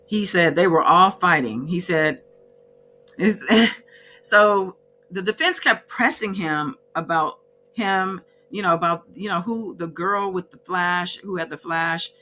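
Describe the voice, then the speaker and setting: Bright-voiced woman recapping from notes. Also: on the low side, slow, faint music behind. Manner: chatty, with frequent asides and self-corrections. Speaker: vlogger recapping a court trial. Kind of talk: casual recap read from notes.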